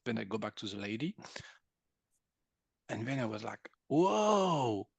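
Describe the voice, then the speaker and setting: A man's voice: on the low side, moderate pace, creaky, breathy edge, dry recording. A man in his sixties from France, speaking English with a French accent, who tells his story as an interview guest, laughing often and acting out what people said. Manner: animated, laughs often, acts out quoted speech. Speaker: guest, energy healer.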